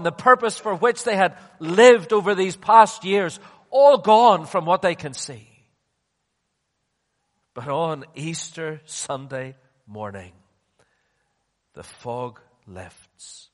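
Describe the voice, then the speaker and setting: A male preacher delivering a sermon, slow and emphatic, sinking to hushed tones and then rising again. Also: high voice. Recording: long reverb of a large hall.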